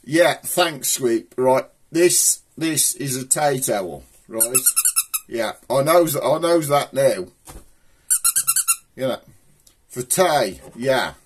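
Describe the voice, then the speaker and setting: A man's voice: mid-range voice, lively intonation, extremely slow, slight background noise. A middle-aged man with a broad Black Country accent, hosting a rambling, chatty comic show. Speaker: host. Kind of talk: casual comic monologue to camera.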